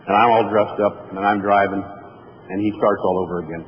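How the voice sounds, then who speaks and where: In an echoey hall, a motivational speaker tells his audience folksy stories from his own life as part of a keynote speech. He talks fast in a voice on the low side, and the recording is dull and lo-fi with faint noise.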